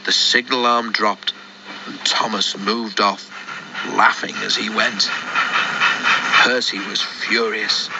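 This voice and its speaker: A man narrating a children's storybook in a lively, expressive read-aloud, on a dull lo-fi recording. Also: fairly low pitch, slow, pauses often. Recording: dull lo-fi recording with faint noise.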